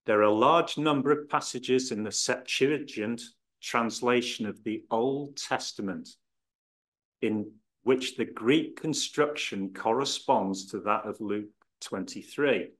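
Slow, measured male Bible teacher. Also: mid-range voice, a bit bright. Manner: measured, explanatory, stresses key words. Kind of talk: scripture teaching talk.

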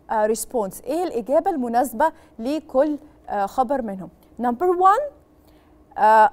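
This is an Egyptian woman teaching an English lesson in a high voice. She explains in English, then repeats herself in Egyptian Arabic. She acts out each sample phrase with expressive emphasis, like a classroom teacher.

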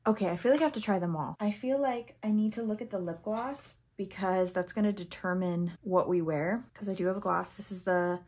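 Young woman doing a makeup first-impressions vid, kinda husky, chatty, gets super excited, mid-pitch. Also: fairly quick, few pauses. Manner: chatty and excitable, gasping at swatches; reads product copy aloud, stumbling over words. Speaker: beauty vlogger.

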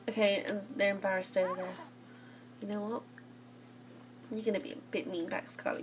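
A woman hosting a gaming channel offers casual let's play commentary on a life-simulation game, chatty and giggly as she cheers her characters on. Her medium-pitched, darkish voice runs a little fast with fairly even intonation and frequent pauses. Game music plays behind her.

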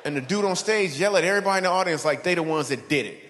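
A man's voice: high-pitched, rapid-fire. Man doing stand-up in a reverberant hall. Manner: animated storytelling, acts out characters. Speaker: stand-up comedian. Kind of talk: stand-up comedy set. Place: church hall with a live audience. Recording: long hall reverb, audience noise.

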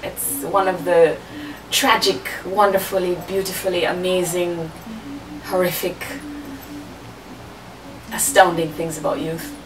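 A woman's voice: lowish voice, little pitch movement, a little slow, pauses often, roomy sound, distant mic, background noise. A woman telling her life story in an interview, frank and emphatic, swearing freely, with lyrical phrasing. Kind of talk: candid personal storytelling.

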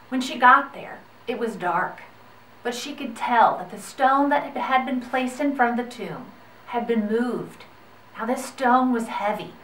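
A woman with a fairly high voice tells a Bible story to children, gentle and expressive. She sounds set back from the mic in an echoey room, with faint noise behind her. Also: distant mic.

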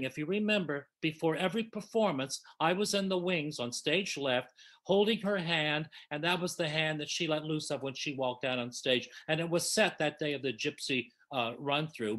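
Older man reminiscing fondly, fairly high voice. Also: fairly bright tone. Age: 70s. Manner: emotional, affectionate storytelling with restarts. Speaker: original cast member at a reunion. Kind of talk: reminiscing on a video panel.

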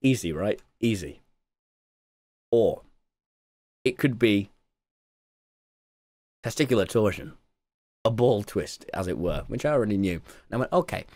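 With a lowish voice and an unhurried pace full of long pauses, a British streamer shares a story with his chat. He laughs excitably and bursts into shouting at times, and there's no echo.

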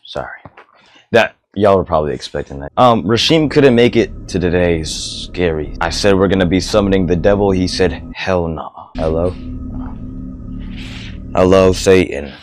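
A man's voice: sits low, moderate pace, a little hiss or hum. A young man hosting his own comedy vlog, rambling goofily and talking to himself. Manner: goofy, rambling self-talk. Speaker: host.

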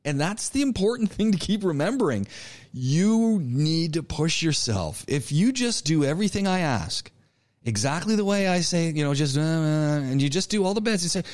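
Male instructor, online speech class lecture, animated, coaching, restarts a lot. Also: on the high side, moderate pace. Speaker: college public speaking instructor.

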